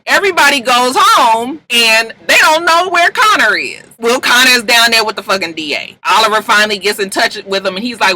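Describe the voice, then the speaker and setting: A woman recapping a TV episode in a casual, profane, animated way, jumping into high voices to act out the characters. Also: a little fast, slight background noise, low-quality recording. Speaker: TV recap vlogger.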